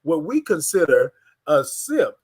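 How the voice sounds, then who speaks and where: A man's voice: on the high side, husky. A man from Houston hosting a casual morning livestream, greeting viewers and hyping up the chat. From Houston, Texas. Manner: energetic, hypes the chat, drawn-out sung greetings. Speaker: livestream morning show host.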